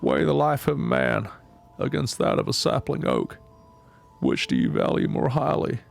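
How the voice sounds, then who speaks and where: A man doing a husky, folksy politician. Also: medium pitch, wildly swooping pitch, measured pace, soft background music, full character voice. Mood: earnest.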